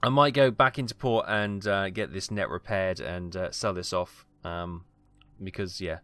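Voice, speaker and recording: A man's voice: deep voice, steady tone, normal speed, hardly any pauses, sharp tone, no echo. A man hosting a let's-play gaming video, talking casually and hesitantly, with lots of ums as he plays.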